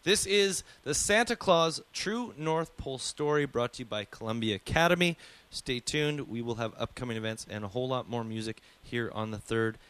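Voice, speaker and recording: A man's voice: mid-range voice, animated, normal speed, a bit bright, smooth. A man hosting a casual radio show, bantering and joking at his own expense. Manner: self-deprecating, jokey.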